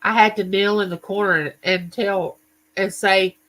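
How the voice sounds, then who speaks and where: A man hosts a casual livestream, chatting away and greeting his viewers by name. His voice is bright and forceful, and he keeps things conversational as he tells his stories. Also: high-pitched, flat delivery, normal speed, poor audio. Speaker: livestream host.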